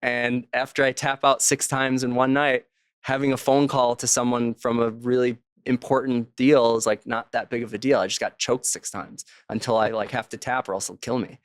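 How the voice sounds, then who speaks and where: A man's voice: mid-range voice, level tone, normal speed, no echo, studio quality. A man, an author, talking casually as a guest in an interview and telling anecdotes, slipping into the voices of the people he quotes.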